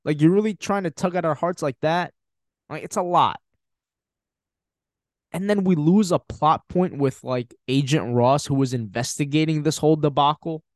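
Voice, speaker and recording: A man's voice: fairly high pitch, normal speed, darkish tone, no room sound, studio quality. A man hosting a podcast, giving a casual, emphatic film review with frequent swearing and laughter. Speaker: podcast host.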